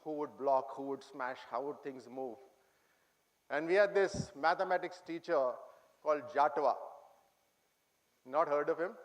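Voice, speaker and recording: A man's voice: on the high side, measured pace, pauses often. Indian man reminiscing to an audience. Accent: Indian English. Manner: humorous, reminiscing, quizzes the audience. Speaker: guest speaker addressing cadets. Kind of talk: anecdotal speech to an audience. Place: auditorium.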